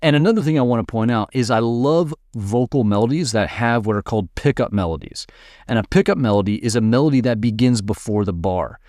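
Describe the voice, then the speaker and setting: A man's voice: medium pitch, expressive, brisk, a little mellow, no echo. Guy walking thru a music production tutorial, laid back, lots of "right?", dry close sound. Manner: casual explaining, thinks aloud with "right?" and "all right". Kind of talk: screen-share tutorial walkthrough.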